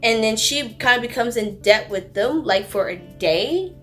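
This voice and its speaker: Woman vlogger, higher-pitched voice, chatty movie-review recap over soft music. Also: animated, measured pace. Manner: chatty, filler-heavy retelling with sassy asides. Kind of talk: casual movie review vlog. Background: faint background music.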